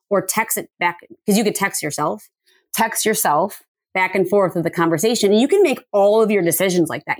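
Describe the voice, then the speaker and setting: A woman in her forties talking earnestly as an interview guest, explaining her ideas in a quick, chatty way with filler words. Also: fairly low pitch, dry recording. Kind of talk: candid conversational interview.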